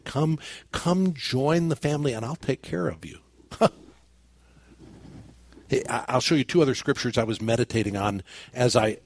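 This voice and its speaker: An older man, a pastor, preaching a sermon and telling a story with quoted dialogue and repeated phrases. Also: medium pitch.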